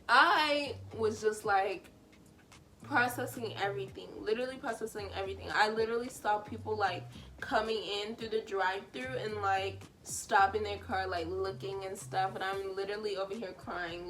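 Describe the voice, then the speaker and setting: A woman in her twenties telling a story from home in a chatty, animated way. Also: medium pitch. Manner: animated and chatty, full of fillers. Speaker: vlogger. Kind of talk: casual storytime.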